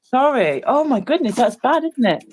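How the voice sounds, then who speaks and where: A woman's voice: sits high, big pitch swings, normal speed, darkish tone, a little hiss or hum, low-quality recording. An Englishwoman co-hosting a casual livestream chat, rambling, interrupting herself and apologizing as she goes. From England. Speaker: co-host.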